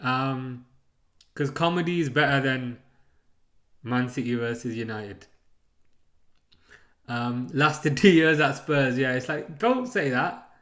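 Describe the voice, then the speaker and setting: A man's voice: medium pitch, takes it slowly, pauses often, a bit bright. A man hosting a live football watchalong, chatting casually, rambling and chuckling as he reads out chat messages.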